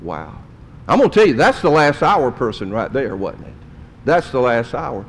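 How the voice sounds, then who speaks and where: A man preaching a sermon as pastor, animated and conversational, with frequent asides to the congregation. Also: medium pitch, normal speed, long reverb tail, slight background noise.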